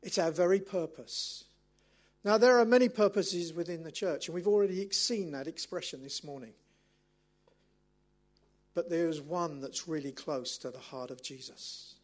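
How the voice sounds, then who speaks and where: A middle-aged man, preaching a sermon as an animated, self-mocking storyteller. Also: a little high, moderate pace.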